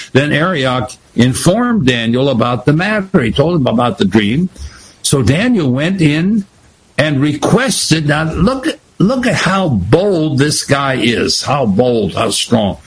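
A husky, fairly high-pitched man leads a Bible study lesson. He talks in an animated, wandering way, often breaking off into side stories. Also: unhurried, poor audio. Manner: animated, digressive storytelling. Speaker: Bible teacher.

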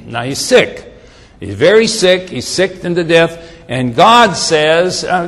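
Male preacher, fairly high voice, slow deliberate sermon, dramatic readings, booming hall echo. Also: big pitch swings, fairly bright tone. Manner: slow, emphatic delivery with dramatic scripture readings. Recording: long hall reverb.

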